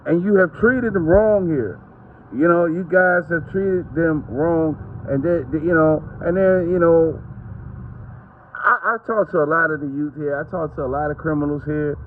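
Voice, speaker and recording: A man's voice: fairly high pitch, normal speed, phone-quality sound, a little hiss or hum. A man, ranting to camera in a heated, profane, rambling way. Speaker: vlogger.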